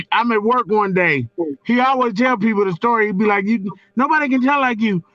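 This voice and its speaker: A man co-hosting a casual sports podcast, telling stories in a profane, animated way. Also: high-pitched, moderate pace, no echo, dull audio. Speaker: podcast co-host. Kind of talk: casual storytelling chat.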